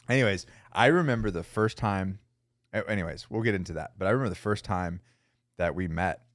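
A male podcast host with a low, deep voice and a loose, easygoing way of talking, dropping in swear words and "man" or "bro." The sound is dry and close, with no room echo. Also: moderate pace. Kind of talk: casual interview chat.

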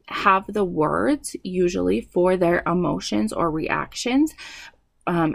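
A woman in her thirties giving parenting advice, explaining tips clearly and slipping into quoted dialogue. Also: fairly low pitch, dry recording. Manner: warm explanatory, acts out quoted dialogue with kids. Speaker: parenting educator. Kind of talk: advice talk.

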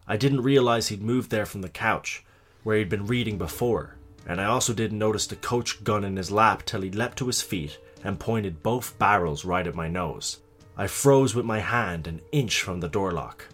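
Low, husky man narrating a horror story. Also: fairly bright tone.

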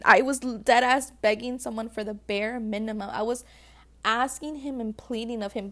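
Woman, vlogger, somewhat high voice, casual heartfelt talk, chatty, emotional, lots of fillers. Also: steady tone, moderate pace. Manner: chatty, emotional, calls viewers sis and babe, many likes. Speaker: vlogger giving relationship advice.

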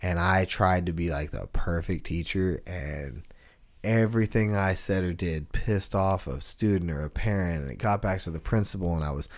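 A man with a lowish voice tells stories on a relaxed podcast. His delivery is animated and loose, peppered with "like." He sounds chatty and unscripted. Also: normal speed. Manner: animated storyteller, heavy use of "like". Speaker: podcast co-host. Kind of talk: casual storytelling chat.

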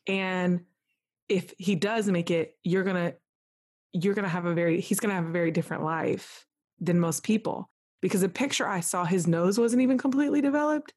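A woman's voice: fairly low pitch, a little mellow, slightly rough. A young woman candidly retelling a personal story as a podcast guest, acting out what others said to her. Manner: candid, vivid retelling with quoted dialogue.

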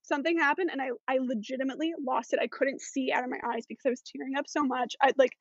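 A woman's voice: high-pitched, fairly even intonation, quick pace, no echo, muffled recording. A woman talking as a podcast guest in casual chat, chatty with many fillers.

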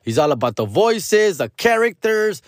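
A man in his forties hosts his own podcast, rambling casually in a slangy, profane monologue sprinkled with "fool" and "dog". His voice is high and sing-song at a moderate pace, in a dry, studio-quality recording.

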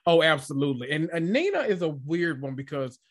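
A man chatting casually about reality TV as a podcast host, analytical and animated when quoting people. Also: on the high side, fairly quick. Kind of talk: casual reality-TV recap chat.

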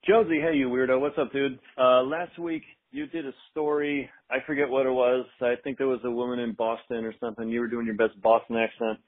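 A man's voice: mid-range voice, little pitch movement, brisk, hardly any pauses. A man with a South Side Chicago accent, calling in to a show and telling a story in a laid-back, chatty voicemail. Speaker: caller leaving a voicemail. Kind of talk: casual call-in message. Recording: tinny phone line.

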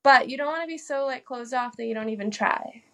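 A woman with a somewhat high voice chats as a podcast guest. She speaks in an earnest, open way, her thoughts tumbling out with lots of "like" in between. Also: a little fast, bright, forceful tone, a little hiss or hum. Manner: earnest and chatty, peppered with "like". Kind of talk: casual conversation.

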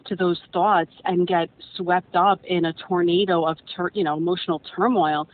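A woman's voice: steady tone, normal speed. A woman guest telling her own story in a rambling, earnest way, often repeating words as she gathers her thoughts. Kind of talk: casual personal storytelling. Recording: tinny phone-like line with faint rumble.

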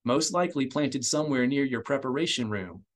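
A man's voice: mid-range voice, lively intonation, fairly quick, lightly acted. A man voicing a loyal male aide who speaks urgently, firmly and bitterly in an audiobook. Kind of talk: audiobook character voice.

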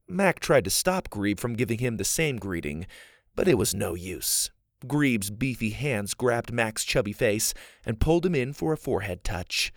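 A man narrating an audiobook in an expressive, unhurried way. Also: lowish voice, dry recording, clean studio sound.

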